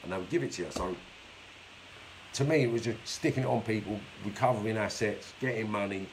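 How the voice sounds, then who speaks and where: Brisk and lowish-voiced, this man gives a casual monologue about his life on a live stream, swearing constantly in a blunt, streetwise style. Recorded on a phone or webcam, it's rough, with slight background noise.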